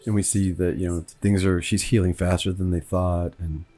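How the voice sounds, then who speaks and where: A director hailing from Kentucky, United States, discusses his movie in relaxed, rambling commentary, often repeating words while thinking. He has a deep, warm voice with little pitch movement, speaking at normal speed.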